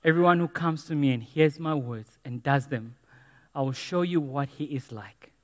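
A man's voice: on the high side, moderate pace, big-room sound. A man preaching a sermon in a church, earnest and emphatic, repeating key phrases. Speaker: pastor.

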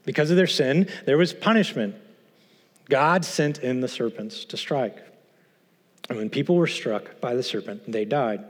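A man teaching through a Bible passage, earnest and emphatic, posing rhetorical questions to his listeners. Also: mid-range voice. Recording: long hall reverb.

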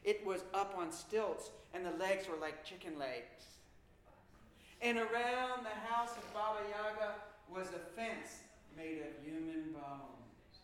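A man telling a spooky folktale in an animated, suspenseful way with dramatic pauses. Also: high-pitched. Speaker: storyteller. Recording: echoey room with faint noise.

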